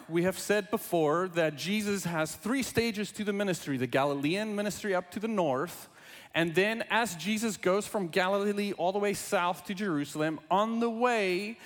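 A male pastor preaching a sermon, playful and lively, reading a children's book aloud with animal noises. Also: high voice. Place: church sanctuary. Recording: long reverb in a large hall.

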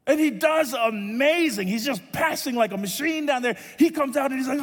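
High-voiced animated preacher in a reverberant hall. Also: male voice, a little fast, hardly any pauses. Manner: animated storyteller acting out dialogue, rising to shouts. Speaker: pastor and volleyball coach. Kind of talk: sermon storytelling.

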